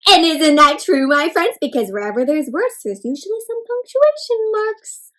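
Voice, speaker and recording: A woman reading a picture book aloud to children in an animated, teacherly way, asking them to point and say words along with her. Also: high-pitched, normal speed, few pauses. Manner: animated, teacherly, prompting kids to join in. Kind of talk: interactive read-aloud for kids.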